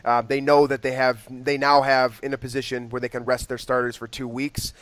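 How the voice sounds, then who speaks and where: A man's voice: medium pitch, little pitch movement, brisk, a bit bright, no echo. Young man giving frank football opinions. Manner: opinionated, hedging with fillers. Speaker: podcast co-host. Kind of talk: casual sports podcast chat.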